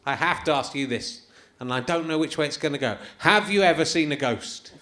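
A man hosts a live comedy chat on a theatre stage. His voice is fairly high and bright, with a forceful edge. He teases his guest in a wry, self-mocking way. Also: fairly quick. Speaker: podcast host.

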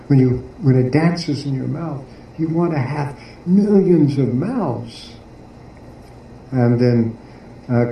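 A man giving a devotional class who explains a poem haltingly, often pausing and searching for words. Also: medium pitch, dark tone. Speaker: spiritual teacher. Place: devotional garden venue in Philadelphia. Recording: echoey room, distant mic, faint noise.

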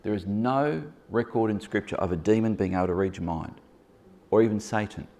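A man preaching a lively sermon to a congregation in a church hall, teasing and joking with his listeners as he goes. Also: on the low side, a little fast. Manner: playful, teasing asides to the congregation.

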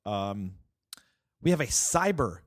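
A man's voice: fairly low pitch, sing-song, slow, dry recording. Brief: male podcast co-host, jokey, dry close-mic sound. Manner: joking, playful asides, trails off quietly. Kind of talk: casual tech podcast chat.

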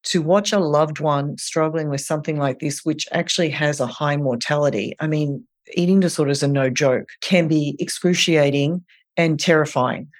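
A calm clinician guest talking through advice gently and earnestly, laying things out one step at a time in a voice of middle pitch. The delivery is steady, caring and patient. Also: normal speed. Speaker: eating disorder clinician guest. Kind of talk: advice in an interview.

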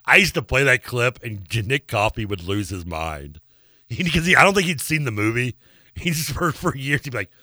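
A man's voice: medium pitch, animated, moderate pace, pushed and bright, no echo, clean studio sound. A man co-hosting a sports radio show, rambling and laughing often, trailing off mid-sentence. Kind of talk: casual sports talk.

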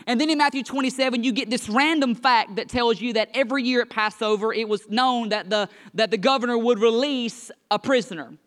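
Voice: medium pitch, a little fast, few pauses, a bit bright. A Bible study teacher reads a passage aloud, then walks back through it in their own words. The retelling grows livelier as the story builds. There is a light, joking touch in the asides.

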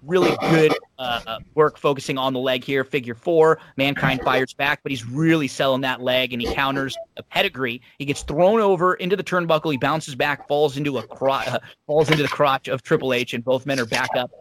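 A man's voice: medium pitch, fairly even intonation, a little fast, hardly any pauses, a bit bright, a little hiss or hum. A man casually recapping an old wrestling show on a podcast, chatty and rambling with fillers.

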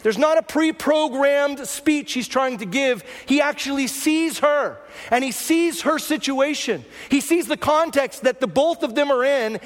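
A middle-aged man preaching a sermon as pastor, telling stories in a chatty, self-mocking way. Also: very high-pitched. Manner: conversational storytelling with self-mocking humor. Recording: long church hall reverb.

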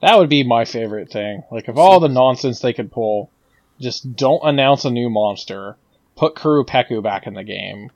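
A man in a casual chat, joking with deadpan asides. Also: mid-range voice, moderate pace, dry recording, muffled recording.

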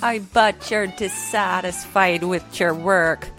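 A woman's voice: fairly low pitch, slow pace, a bit bright, soft background music. A woman voicing a scammy, boastful female phone psychic with a put-on Jamaican accent, in a comedy sketch. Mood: salesy. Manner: salesy, brash, self-assured.

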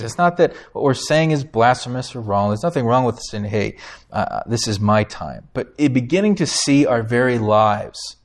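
A man preaching a sermon as pastor, emphatic, lifting his voice on key phrases and putting questions to the congregation. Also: medium pitch. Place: church sanctuary.

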